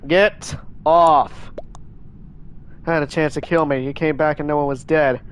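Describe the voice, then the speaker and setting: A male streamer with a high, light voice who talks over his game in a rambling, excitable rush. He stumbles and restarts often and keeps scolding his chat as he goes. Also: measured pace, slight background noise. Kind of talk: live gaming stream chat.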